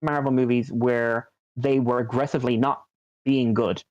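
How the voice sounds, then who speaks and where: A man's voice: mid-range voice, level tone, moderate pace, a little mellow. A man co-hosting a podcast, chatting casually and rambling with lots of fillers and restarts. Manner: rambling, lots of ums and likes. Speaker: podcast co-host. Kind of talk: casual chat. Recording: dull lo-fi dry sound.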